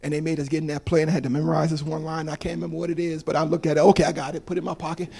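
A man in his fifties, a preacher giving a sermon that builds from quiet storytelling to shouted, tearful preaching. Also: on the high side, flat delivery, very fast, vocal fry, slightly rough. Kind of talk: sermon testimony.

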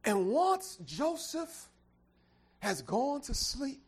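Storytelling preacher building to shouts. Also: sits high, wildly swooping pitch, drawn-out words, breathy edge. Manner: vivid storytelling that builds to shouting, with call-and-response to the congregation. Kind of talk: sermon storytelling.

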